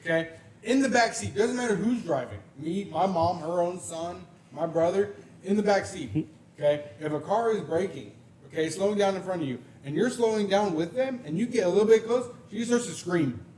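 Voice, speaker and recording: A man with a notably high voice, teasing the others and telling stories with emphasis. He sounds like he is in an echoey room, with faint noise in the background. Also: expressive, moderate pace, darkish tone. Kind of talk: casual podcast chat.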